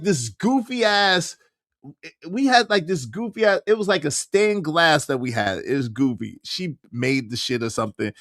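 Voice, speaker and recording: A man telling a personal story casually, getting animated and jumping up in pitch when he quotes himself. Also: no echo, studio quality. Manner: animated, jumps high when quoting himself, laughs through.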